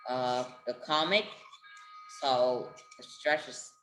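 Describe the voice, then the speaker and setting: Slow, hesitant English learner. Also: medium pitch, bright, forceful tone, soft background music. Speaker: English student. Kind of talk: reading words aloud in a lesson. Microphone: video call.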